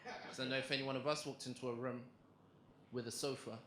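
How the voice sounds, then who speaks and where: Speaking briskly in a mid-range voice, a young comedian works a live club crowd, animatedly narrating a story and voicing the other characters' lines. The live recording sounds roomy, with audience laughter and slight background noise.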